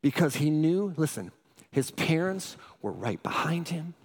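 A middle-aged male pastor preaching a sermon, energetic and often asking the congregation questions. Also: fairly high pitch, measured pace, husky.

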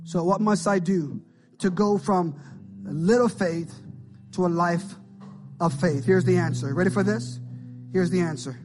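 A man with a notably high voice delivers an impassioned sermon as a pastor. He urges his listeners on with call-outs. Soft music plays faintly behind him. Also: a little slow, long pauses.

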